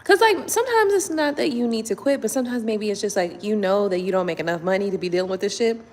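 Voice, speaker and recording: A woman chats casually with her viewers, blunt and salty, cursing freely. Her pitch swings widely and lively as she talks. A long reverb trails behind her voice. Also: fast. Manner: blunt, profane, animated. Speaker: tarot reader. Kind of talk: casual chat with live viewers. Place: indoors at home at night.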